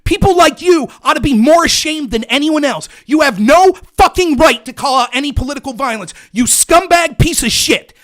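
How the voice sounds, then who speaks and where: An American man hosting a livestream, delivering an angry, profane political rant that often breaks into shouting. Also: very high voice, lively intonation, normal speed, few pauses. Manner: furious, profane, shouting at viewers.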